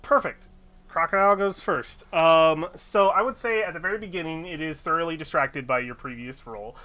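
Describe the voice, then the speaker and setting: A man running a tabletop game as game master, chatty and relaxed as he makes quick rulings. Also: on the high side.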